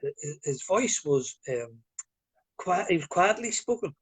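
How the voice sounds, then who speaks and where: A man's voice: fairly high pitch, very animated, unhurried, slightly rough. Rambling Northern Irish man. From Northern Ireland. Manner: rambling, storytelling with many fillers. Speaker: guest. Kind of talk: casual chat. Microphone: video call.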